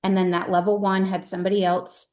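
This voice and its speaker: Talking fast in a mid-range, slightly mellow voice with little pitch movement, a middle-aged direct-sales team leader addresses her team over video call. She sounds earnest, emphatic and heartfelt.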